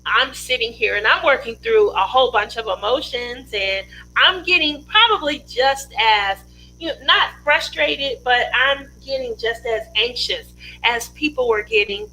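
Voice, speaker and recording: A woman's voice: on the high side, lively intonation, normal speed, bright, forceful tone, a little hiss or hum, rough recording. A woman hosting a casual craft livestream from her home studio, chatty and rambling, laughing often.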